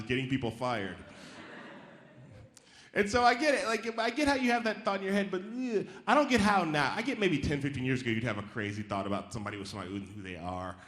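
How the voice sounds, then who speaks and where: A man performing a stand-up comedy set on stage, animated and acting out the voices of the people in his stories. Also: a little high, roomy sound. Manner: animated, acts out quoted voices. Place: theater stage before a live audience.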